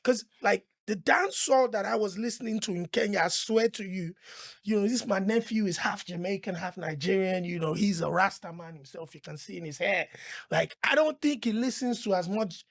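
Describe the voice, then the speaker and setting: A male interviewer with a high, gravelly voice. He is enthusiastic and keeps the chat moving with quick interjections of agreement. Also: animated. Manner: enthusiastic, chiming in with short agreements.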